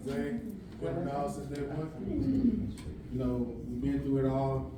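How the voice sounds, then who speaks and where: Man, quick plainspoken toast; roomy distant sound with noise behind. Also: medium pitch, big pitch swings. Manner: casual, affectionate, plainspoken. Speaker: wedding guest giving a toast. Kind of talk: short casual wedding toast. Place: wedding reception hall. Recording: echoey hall from far off, background noise.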